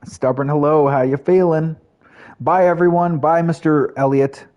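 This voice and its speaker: A man's voice: on the high side, fairly even intonation, moderate pace, lo-fi sound. A man streaming live, chatting casually with his viewers in a rambling way with lots of fillers. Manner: chatty, rambling, talks to chat, frequent fillers.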